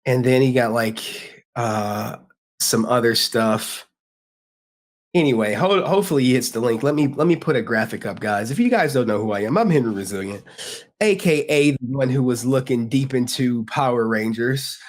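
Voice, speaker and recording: A man's voice: medium pitch, moderate pace. Slangy, joking livestream host, a man. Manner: loose, joking, talks straight to chat with slang. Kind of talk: casual livestream chat.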